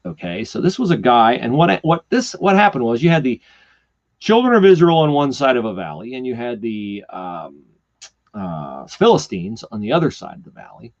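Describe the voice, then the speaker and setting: A man hosting a podcast, talking casually and animatedly as he retells a Bible story. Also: medium pitch. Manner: animated storyteller who slips into character voices. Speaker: podcast host. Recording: slightly dull lo-fi podcast audio.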